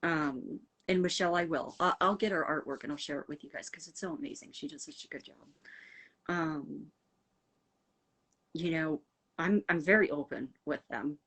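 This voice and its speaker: A woman's voice: deep voice, normal speed, fairly bright tone. A middle-aged woman from the United States hosting a casual livestream, talking in a heartfelt, rambling way with lots of fillers and answering viewers' comments. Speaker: livestream host.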